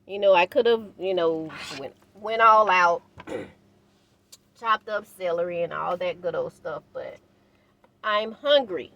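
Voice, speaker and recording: Slow-talking older woman vlogging. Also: fairly low pitch, vocal fry, a bit bright, dull audio. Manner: unhurried, encouraging, talks to viewers as guys. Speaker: van life vlogger. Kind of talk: casual vlog while cooking. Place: inside a parked van.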